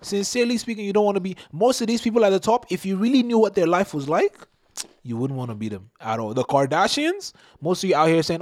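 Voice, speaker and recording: A man's voice: high voice, big pitch swings, fast talker. Emphatic young man giving advice. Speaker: podcast host. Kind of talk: casual chat.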